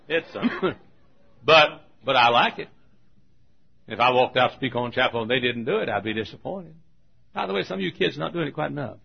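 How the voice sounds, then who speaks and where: Folksy male preacher, gravelly and husky, joking sermon, dull lo-fi recording. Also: mid-range voice. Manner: folksy, humorous, self-mocking storytelling.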